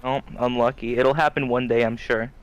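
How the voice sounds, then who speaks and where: Male friend on call, mid pitch, dry teasing, hesitant fillers. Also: steady tone, normal speed, clean tone, muffled recording. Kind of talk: casual chat over voice call.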